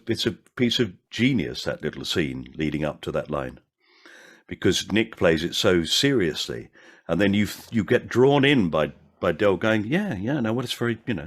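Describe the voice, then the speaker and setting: Older man, low voice, very lively pitch, anecdotal, actor guest, interview chat. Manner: anecdotal, animated impressions of fans.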